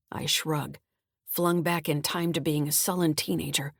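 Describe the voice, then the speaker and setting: A woman, the author, calmly narrating her mystery thriller audiobook. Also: sits low, moderate pace, gravelly, husky, no echo, clean studio sound.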